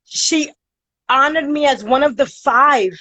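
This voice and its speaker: Earnest higher-voiced woman guest. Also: slow pace, bright, forceful tone, dry recording, poor audio. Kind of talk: casual interview chat.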